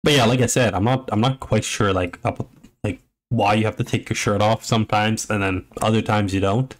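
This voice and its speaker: A man's voice: fairly low pitch, steady tone, fairly quick. A young man giving a casual play-by-play reaction, rambling and joking with frequent exclamations. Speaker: reaction commentator.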